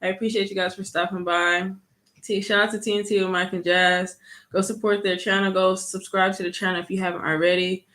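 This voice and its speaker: A woman's voice: medium pitch, level tone, a little fast, fairly bright tone. A woman vlogger telling a story in a casual, chatty way, full of "like" and "you know". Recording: echoey room.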